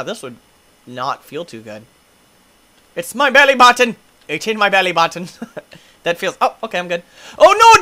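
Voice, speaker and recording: A young man hosting a gaming video, giving excitable play-by-play commentary, often yelping, screaming at in-game injuries and laughing. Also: fairly high pitch. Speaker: gaming channel host.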